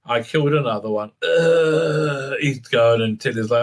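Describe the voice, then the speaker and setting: A man's voice: medium pitch, unhurried. A man from Israel giving a casual, rambling recap of a TV episode, full of fillers and restarts, with a sarcastic edge. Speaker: TV show reviewer. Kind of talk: casual recap with mocking impressions.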